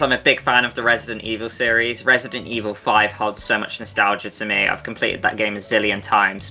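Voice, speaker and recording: A man's voice: fairly low pitch, bright, forceful tone. A man co-hosting a podcast, chatty and enthusiastic, with casual swearing. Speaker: podcast co-host. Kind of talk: casual Q&A chat.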